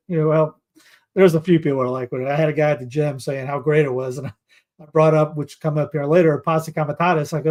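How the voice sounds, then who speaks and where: A man's voice: on the high side, steady tone, a little fast, a little mellow. A man hosting a commentary show, reading news headlines aloud in a rambling, casual way with asides.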